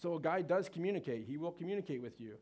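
A man's voice: a little high, lively intonation, quick pace, a little mellow. Folksy man giving a seminar talk. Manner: folksy, conversational, with frequent fillers. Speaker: marriage seminar speaker. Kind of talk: live talk to an audience.

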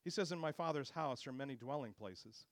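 A man's voice: medium pitch, expressive, fairly quick, no echo. A man preaching a sermon with earnest, expository delivery, lifting his voice when he quotes scripture.

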